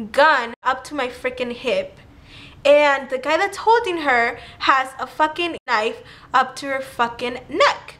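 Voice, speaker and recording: A young woman vlogger telling a personal story in a casual, animated way, full of "like" and acted-out quotes. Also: high voice. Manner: animated retelling with filler "like", acting out quotes.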